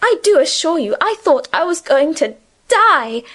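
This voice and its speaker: Timid, melodramatic young schoolgirl , voiced by a woman narrator; high pitched, gushing. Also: very animated, a little slow, fairly bright tone, full character voice. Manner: dramatic, gushing. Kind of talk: audiobook character reading.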